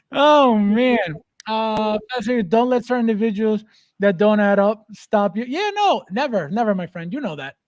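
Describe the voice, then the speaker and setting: High-pitched, expressive and a little mellow, this livestream host takes his time as he reads viewers' comments out loud. He talks back to chat defiantly, repeating phrases, in a dry recording.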